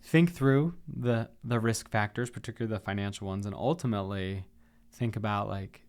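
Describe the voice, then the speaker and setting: A man's voice: on the low side, normal speed, vocal fry. A man hosting a podcast interview, reflective, framing ideas and steering the talk with questions. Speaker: podcast host. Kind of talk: conversational interview.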